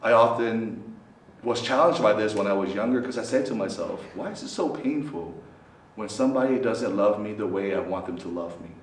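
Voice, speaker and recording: A man, a priest, giving a talk to a student group. He keeps checking in with "right?" and swings his voice dramatically for emphasis. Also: a little fast. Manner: keeps asking listeners questions, tags "right?"; lively, dramatic swings in pitch and loudness. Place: meeting hall at a student center. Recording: roomy echo, from a distance, faint background noise.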